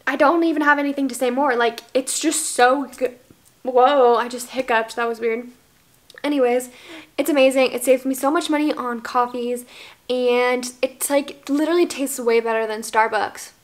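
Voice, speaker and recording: Bubbly high-voiced young woman vlogger. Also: fairly even intonation, moderate pace. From United States. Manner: bubbly, gushing, chatty with many fillers. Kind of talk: casual favorites vlog.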